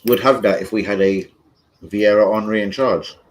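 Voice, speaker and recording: A man's voice: fairly low pitch, fairly even intonation, normal speed, poor audio. A young man ranting in a rambling, sweary livestream chat about football. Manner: rambling, sweary, loses his thread. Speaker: football fan streamer.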